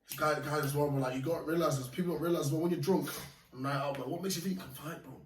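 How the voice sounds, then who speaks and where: Male guest, fast and animated storyteller, slightly high voice, roomy far-mic sound. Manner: animated, laughing, slangy. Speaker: podcast guest. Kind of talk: casual storytelling. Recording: echoey room, mic far off, faint noise.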